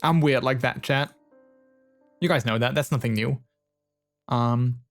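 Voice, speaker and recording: A young man chatting casually with his stream viewers in a rambling, playful way, laughing easily and filling pauses. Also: medium pitch, faint music behind. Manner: rambling, playful, quick to laugh, many fillers. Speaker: live streamer.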